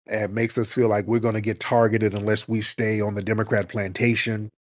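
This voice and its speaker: A man's voice: fairly low pitch, little pitch movement, brisk, no echo, clean studio sound. Blunt, combative male show host. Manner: blunt, combative, slangy, repeats "see". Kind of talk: political commentary on a live call-in stream.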